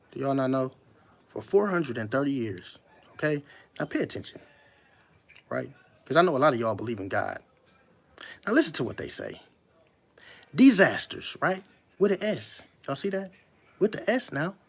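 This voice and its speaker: A commentator talking straight to viewers in a casual monologue, emphatic and full of rhetorical questions, stopping to read passages aloud slowly before commenting on them. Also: medium pitch. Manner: emphatic, keeps firing rhetorical questions at listeners. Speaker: online commentator.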